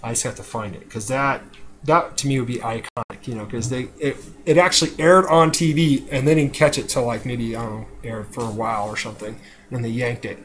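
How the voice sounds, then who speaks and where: A man's voice: mid-range voice, steady tone, a little fast. A man chatting casually on a live stream, rambling with lots of fillers, with a dry throat. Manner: rambling, with many "uh"s and laughs. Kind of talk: casual chat.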